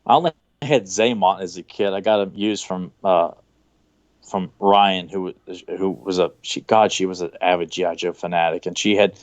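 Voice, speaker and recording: A man's voice: sits low, normal speed, no echo, muffled recording. Rambling Southern man on a podcast. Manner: excited, rambling, many fillers and restarts. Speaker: podcast co-host. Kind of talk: casual chat, watching a cartoon.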